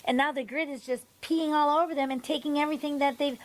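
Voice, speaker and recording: Animated higher-voiced woman podcast host. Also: fast talker, low-quality recording. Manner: animated storytelling, acts out quoted people. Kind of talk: casual podcast chat.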